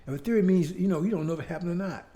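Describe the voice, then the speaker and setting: Racing through a preaching monologue on his own show, a man with a high, mellow voice drives his points home with repetition and rhetorical questions. He keeps asking "See?" and shifts between emphatic and mocking.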